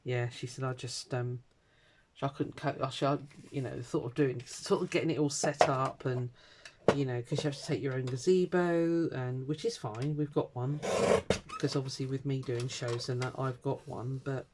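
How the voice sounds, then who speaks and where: The recording is very noisy as a middle-aged British woman rambles casually in a vlog from her home craft desk, with lots of ums and uhs. Her voice rumbles low with fairly even intonation and a moderate pace.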